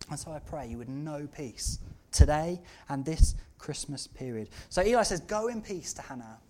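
A preacher delivers a Christmas-season sermon to a church congregation. The delivery is earnest and heartfelt. At its peaks it swells into loud, impassioned outcries. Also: medium pitch, slight background noise.

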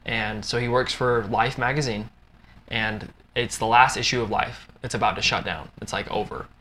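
A man's voice: on the low side, moderate pace, pushed and bright. A young adult man hosting a podcast, retelling a film plot in a loose, rambling way full of "like". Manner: loose and rambling, heavy use of "like". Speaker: podcast host.

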